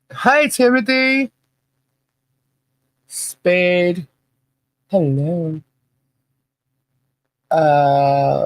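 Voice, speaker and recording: A woman hosting a live podcast stream and reading the chat, chatty and halting, laughing often. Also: low voice, dry recording, poor audio.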